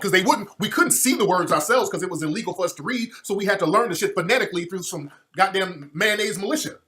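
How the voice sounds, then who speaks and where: Emphatic, profane male commentator. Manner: emphatic, swings between loud outbursts and low muttering; profane, preacherly repetition. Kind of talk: impassioned monologue.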